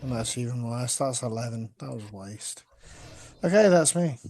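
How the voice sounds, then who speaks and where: A man's voice: medium pitch, animated, normal speed, creaky, darkish tone. Casual man playing a tabletop game. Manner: casual, self-deprecating about rolls. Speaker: player. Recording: faint guitar music behind.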